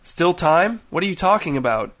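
A man voicing an anxious but self-assured young man who asks quick questions. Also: high-pitched, big pitch swings, fairly bright tone. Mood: worried whisper.

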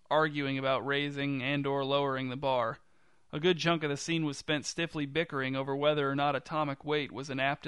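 A man's voice: medium pitch, a bit bright, smooth, no echo. A man reading a story aloud with a dry, wry storytelling manner. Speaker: narrator. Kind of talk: storybook narration.

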